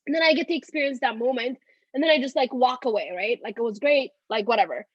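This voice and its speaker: A woman's voice: high-pitched, fast talker, slightly rough, no echo, highs cut off. A woman in her twenties, teary and rambling, telling a personal story with many "like"s. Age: 20s. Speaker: guest.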